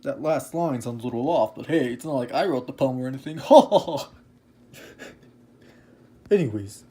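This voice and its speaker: A man's voice: medium pitch, expressive, unhurried, dark tone, lightly acted. A man playing an earnest male romantic poet who speaks as a guest in a lecturing, explanatory way. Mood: explaining.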